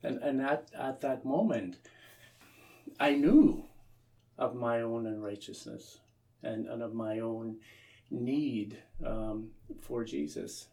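A man's voice: mid-range voice, slow pace, warm tone, recorded from a distance. A Canadian man, an Anglican priest, telling his story as an interview guest, often repeating and restarting his words.

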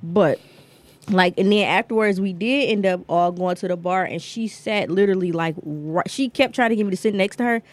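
A woman's voice: medium pitch, normal speed, dry recording. A woman, co-hosting a podcast and telling a story bluntly and profanely, acting out the people she quotes. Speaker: podcast co-host. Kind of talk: casual storytelling chat.

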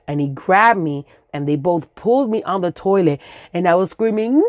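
Animated New woman telling a story. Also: low voice, normal speed. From Brooklyn, New York. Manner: animated, profane, acts out voices in shrieks. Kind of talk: comic personal storytelling.

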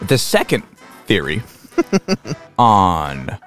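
Animated swearing podcast host. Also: male voice, fairly low pitch, very slow, soft background music. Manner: animated, swears a lot, laughs mid-sentence. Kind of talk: casual comedic chat.

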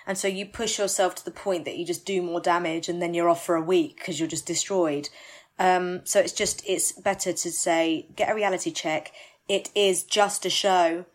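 Lively woman, stage actress. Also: on the low side. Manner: animated, self-deprecating, rushes words when excited. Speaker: musical theatre actress, guest. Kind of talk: candid interview chat.

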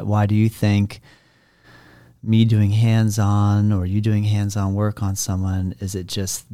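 Slow low-voiced male interviewer. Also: mellow, clean tone, no room sound, studio quality. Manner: unhurried, thoughtful questions, frequent agreeing murmurs. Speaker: interviewer, host. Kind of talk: conversational interview.

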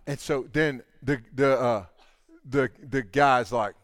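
Taking it slowly in a mid-range voice, a man preaches a conversational sermon built on acted-out anecdotes, animatedly voicing the people in everyday dialogues. The recording is dry and studio quality.

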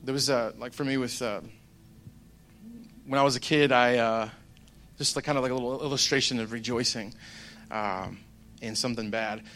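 A man's voice: mid-range voice, fairly even intonation, normal speed, long pauses, a bit bright. A young man giving a casual devotional talk, rambling and conversational with plenty of fillers. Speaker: Christian speaker.

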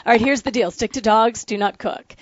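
A woman from the northern United States co-hosting a casual chat, telling lively stories and laughing easily. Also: fairly high pitch, no room sound, highs cut off. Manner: chatty, lively storyteller, quick to laugh. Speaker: co-host.

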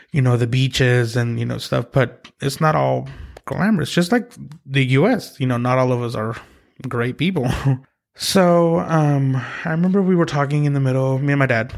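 A man from Mexico hosting a podcast, telling a personal story in a halting, reflective way with many pauses and restarts. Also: mid-range voice, gravelly. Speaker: podcast host.

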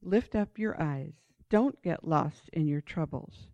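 Mellow-voiced woman giving an earnest sermon. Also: low voice, slow, no room sound. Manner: earnest, emphatic, exhorting. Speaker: Bible teacher. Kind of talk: sermon-style Bible teaching with read-aloud passages. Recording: dull lo-fi dry recording.

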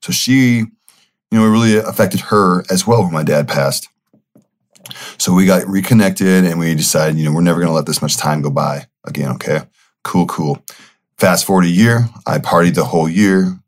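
Speaking at a moderate pace in a deep voice, a young man hosting a podcast meanders through a personal anecdote, casually, with lots of filler words and corrections of himself.

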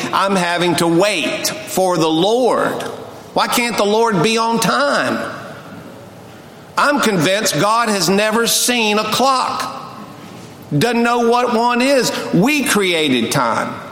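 An older man preaching a sermon in a church sanctuary. He tells stories in a folksy, humorous way, sometimes quick and sometimes drawn out. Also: high-pitched, a bit bright. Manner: folksy, humorous storyteller, pace swings between quick and drawn out. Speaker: pastor. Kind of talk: sermon with storytelling. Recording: echoey hall, faint noise.

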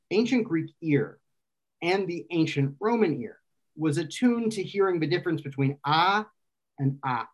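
A man explaining an idea in casual conversation, thinking aloud and often restarting and correcting himself. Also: on the high side. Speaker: guest expert explaining philosophy.

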